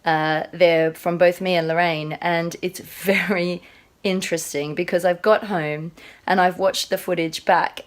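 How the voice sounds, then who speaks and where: A middle-aged woman with an Australian accent, talking earnestly and casually about spiritual channeling, with many fillers and restarts. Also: fairly low pitch. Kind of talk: casual spoken introduction to a video.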